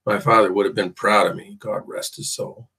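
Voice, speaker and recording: A cruel young slaveholder from a storybook drawls his threats in a low, husky voice, mocking and possessive. He sounds calm and ominous rather than loud, as a man narrating the book voices him. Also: normal speed. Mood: menacing drawl.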